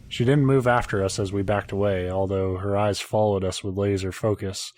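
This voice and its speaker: A man's voice: fairly low pitch, fairly even intonation, normal speed, few pauses, a little mellow. A man, a podcast host, reading a horror story aloud in a casual way, now and then breaking off to joke and swear.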